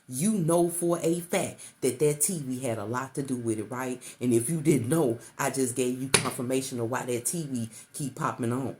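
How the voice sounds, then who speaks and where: Speaking in a deep voice against background noise, a middle-aged woman reads tarot intuitively for the viewer. Her manner is coaxing and repetitive, and she addresses the listener as baby.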